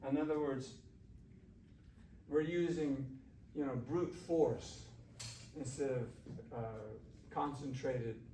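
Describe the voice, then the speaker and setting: A man's voice: mid-range voice, slow pace, pauses often, dark tone. Male music teacher leading a workshop, chatty and coaxing, distant mic in an echoey classroom. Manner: conversational, coaxing, asks the class questions. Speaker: shakuhachi teacher. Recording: roomy, from far off, faint hiss.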